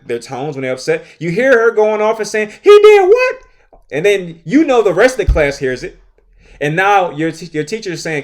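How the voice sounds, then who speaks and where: Male teacher-host, pitched a touch high, emphatic advice monologue, repeats himself for stress. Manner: emphatic, repeats points, checks in with "all right?"; acts out his own classroom lines. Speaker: teacher hosting a podcast.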